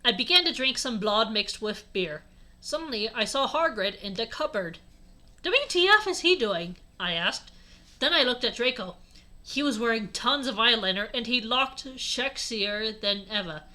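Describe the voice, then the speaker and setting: Young woman doing a deadpan comic reading. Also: a little high, moderate pace. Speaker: host reading a fanfic aloud.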